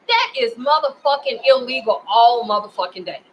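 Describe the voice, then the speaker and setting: A high-voiced woman with a Memphis accent, ranting with fierce, profane indignation. Her tone is bright and edged, with faint background noise under it. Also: expressive, normal speed, rough recording. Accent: Memphis, Tennessee. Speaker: vlogger. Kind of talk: angry personal rant to camera.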